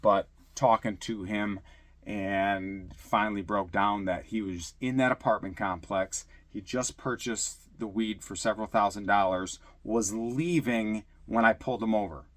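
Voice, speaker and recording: A middle-aged former police officer from Michigan telling casual stories, acting out quotes with a raised voice. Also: male voice, on the low side, unhurried, no echo. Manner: animated, acts out shouted quotes in a raised voice. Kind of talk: casual storytelling.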